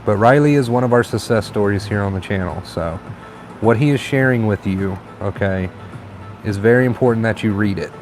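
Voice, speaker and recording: A man hosting a casual live stream, chatting in a relaxed, encouraging way and reading viewer comments aloud. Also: fairly low pitch, brisk, faint music behind. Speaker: livestream host.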